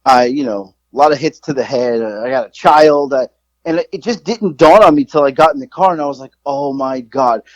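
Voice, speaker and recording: A man's voice: mid-range voice, fairly quick, no room sound, rough recording. A man in his forties, a podcast co-host, telling a rambling, profane, self-mocking story in casual chat.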